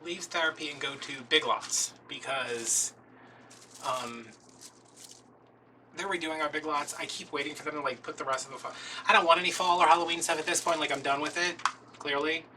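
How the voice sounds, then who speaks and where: Recorded on a distant mic with faint noise, this man rambles through a self-deprecating story about his day while casually hosting a craft video. His voice is on the high side, pushed and bright, at a normal speed.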